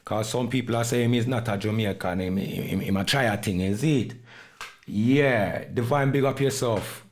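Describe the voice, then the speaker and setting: A relaxed man talks through his music on a podcast, easygoing and unhurried, with patois slang mixed into his speech. His voice sits at an ordinary middle pitch. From United Kingdom. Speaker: podcast host and music artist. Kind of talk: casual podcast talk.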